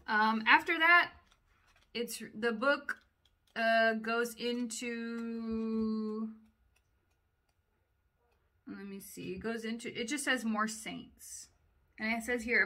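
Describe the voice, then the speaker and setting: A woman in a casual book commentary who reads the captions aloud and then drifts into her own loose remarks. Her voice is bright and clear at an average pitch, and her talk is easygoing and peppered with "like.". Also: slow pace, long pauses. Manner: chatty, uses many "like" fillers. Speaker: book reviewer.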